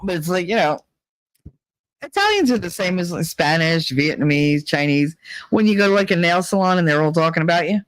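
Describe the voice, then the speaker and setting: Jersey guy rambling on his stream, laughs a lot, swears, kinda high voice, dry close sound. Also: lively intonation, a little fast, a bit bright, clean tone, dry recording, low-quality recording. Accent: New Jersey. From New Jersey, USA. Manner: rambling, laughing, salty and profane. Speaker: live stream host. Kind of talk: casual chat stream.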